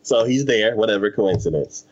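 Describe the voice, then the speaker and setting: A man's voice: on the low side, lively intonation, moderate pace, a little mellow, dull audio. A man in casual chat, animatedly retelling an anime plot and acting out the characters' lines, with lots of fillers. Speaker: anime podcast co-host.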